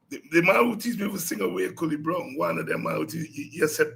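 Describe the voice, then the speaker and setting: A man hosting a political talk show, telling animated stories and breaking into song. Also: a little high, brisk, gravelly, hardly any pauses. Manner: animated storytelling, breaks into singing and shouting. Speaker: show host.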